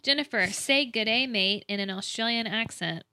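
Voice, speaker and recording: A woman's voice: fairly high pitch, moderate pace, pushed and bright. A woman hosting a casual podcast, firing off playful quiz questions. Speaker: host.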